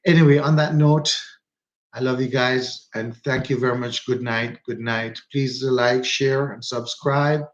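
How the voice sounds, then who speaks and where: A man's voice: mid-range voice, steady tone, measured pace, lo-fi sound, slight background noise. A man with a Jamaican accent hosting a casual live chat with viewers, rambling and repeating himself for emphasis. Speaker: livestream host.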